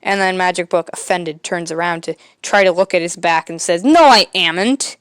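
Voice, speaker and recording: A woman's voice: fairly low pitch, little pitch movement, a little fast, smooth, no room sound. A woman podcast host casually reading a comic aloud, with some fillers.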